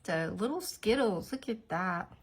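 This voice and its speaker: A woman's voice: medium pitch, expressive, unhurried, husky. A woman chatting casually through a nail tutorial, rambling with asides to herself. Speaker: nail art vlogger.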